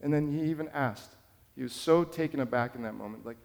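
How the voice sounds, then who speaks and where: A man's voice: mid-range voice, brisk, vocal fry, a little mellow, in a large hall. A man preaching a sermon as pastor, telling a story in an earnest, conversational way.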